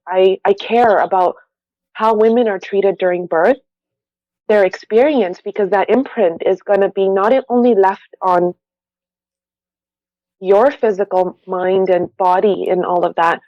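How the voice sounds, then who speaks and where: A woman's voice: medium pitch, fairly even intonation, unhurried, pauses often, no echo. An earnest, passionate woman speaking as a podcast guest about her work as a doula. Her voice comes across muffled and dull, recorded dry with no room sound, and she stresses her points with conviction. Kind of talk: podcast conversation.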